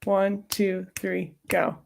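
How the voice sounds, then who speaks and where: A woman's voice: mid-range voice, level tone, slow pace, vocal fry. A young woman co-hosting a casual livestream, playful and giggly as she counts off game rounds. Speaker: co-host.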